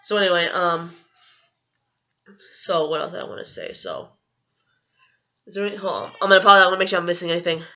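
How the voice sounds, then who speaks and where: A woman's voice: on the low side, brisk, pauses often, pushed and bright. A young woman telling a storytime vlog in a blunt, profane, indignant rant. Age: young adult. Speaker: vlogger. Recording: dull lo-fi recording.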